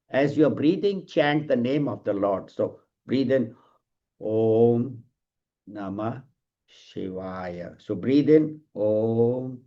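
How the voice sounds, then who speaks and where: A middle-aged man giving a calm, explanatory scripture class and now and then telling a light joke. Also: mid-range voice. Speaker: spiritual teacher. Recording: dull lo-fi sound.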